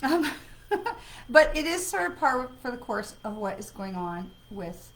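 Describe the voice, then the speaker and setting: A woman's voice: on the high side, very animated, a little slow, a bit bright, low-quality recording. A woman hosting a livestream as a psychic medium, chatting casually and rambling with many fillers and restarts.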